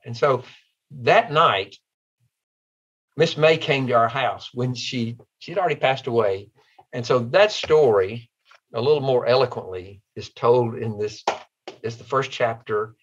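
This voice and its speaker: A man's voice: medium pitch, measured pace, slightly rough, muffled recording. A man, a guest author telling heartfelt, folksy stories in an interview. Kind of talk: interview storytelling.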